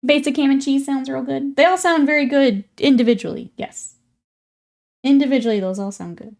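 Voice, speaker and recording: A woman's voice: high-pitched, fairly quick. Chatty woman streaming to her viewers. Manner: chatty, laughs often, greets chat warmly. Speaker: streamer painting miniatures. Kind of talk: casual live-stream chat with viewers.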